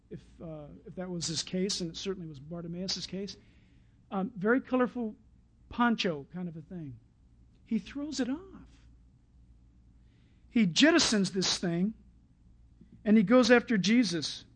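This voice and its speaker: A man preaching a sermon, reading scripture aloud and acting out the voices of the people in it, sometimes crying out loud. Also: sits high, poor audio. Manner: animated, acts out scripture voices, shouts at peaks. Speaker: pastor.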